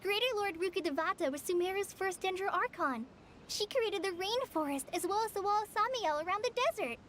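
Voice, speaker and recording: A woman's voice: very high-pitched, expressive, fairly quick, noisy background. A shy young ranger girl. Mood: explaining. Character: earnest shy young woman ranger apprentice. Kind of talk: game voice acting. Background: game music.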